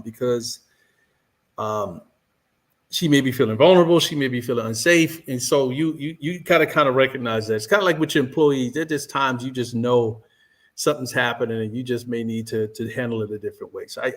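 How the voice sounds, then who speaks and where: A male guest in a casual conversation. He is hesitant, restarting his sentences often as he works out what he wants to say. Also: medium pitch. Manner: hesitant, restarts often while gathering thoughts. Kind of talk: casual chat.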